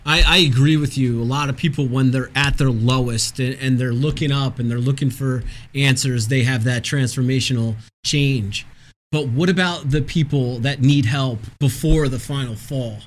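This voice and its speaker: A man's voice: mid-range voice, steady tone, moderate pace. A man hosting an interview, asking earnest follow-up questions with a slight stammer. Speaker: host.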